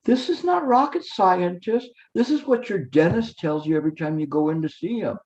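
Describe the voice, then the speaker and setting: A man's voice: high voice, expressive, normal speed, darkish tone. A male meditation teacher giving a dharma talk, earnest, repetitive and coaxing, on a dull lo-fi recording.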